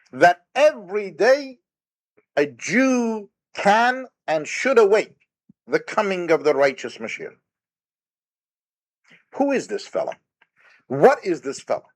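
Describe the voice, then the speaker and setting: A man, a rabbi, giving a recorded Torah lecture, emphatic and full of rhetorical questions. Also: high voice. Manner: retells Talmud story with quoted sage dialogue.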